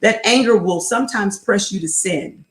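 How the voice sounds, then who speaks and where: A woman's voice: mid-range voice, normal speed, roomy sound. A woman hosting a live motivational talk as a life coach, emphatic and repetitive, driving each point home and mixing in faith-based encouragement.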